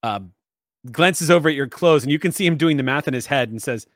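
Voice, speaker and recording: A man's voice: on the high side, a little fast, no echo, studio quality. A man narrating a tabletop role-playing game as game master, hesitant with restarts and chuckles.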